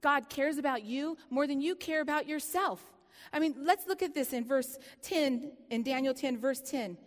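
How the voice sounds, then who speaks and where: High-voiced woman preaching in a reverberant hall. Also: normal speed. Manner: lively storytelling, laughing, dramatic hushed drops. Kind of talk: sermon with personal story.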